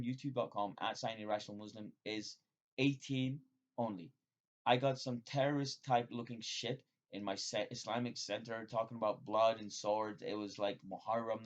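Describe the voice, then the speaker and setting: A man talks straight at the camera in a loose, swearing monologue, wandering from topic to topic. His voice sits at an ordinary middle pitch but leaps up in sudden excited bursts before dropping back to a mutter. The sound is dull and muffled, like a cheap home recording. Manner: profane, digressive, with sudden excited jumps in pitch and loudness. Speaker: vlogger. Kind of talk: rambling casual monologue.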